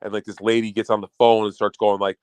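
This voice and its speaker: A man's voice: on the low side, flat delivery, quick pace, clear, resonant tone, no room sound. Rambling, swearing male podcast co-host. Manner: rambling storyteller, swears freely, acts out quotes. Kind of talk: casual chat.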